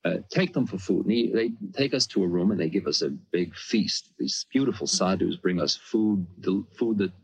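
A man's voice: low-pitched, normal speed, gravelly, hardly any pauses, husky. A man telling a personal story in a rambling, conversational way, often saying "you know". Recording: dull lo-fi recording.

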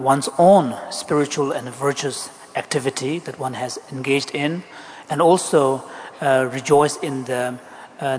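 A man interpreting a Buddhist teaching into English, explaining in a measured, deliberate way. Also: medium pitch. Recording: echoey hall, faint background noise.

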